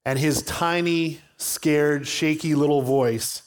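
A man's voice: medium pitch, slow. A male pastor preaching a sermon in an earnest, storytelling manner.

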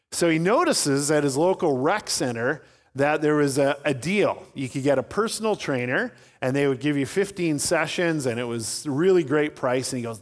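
Guy preaching a sermon, kinda high voice, long echo from a big church hall. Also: animated, normal speed. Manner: storytelling, acting out voices in anecdotes. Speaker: pastor.

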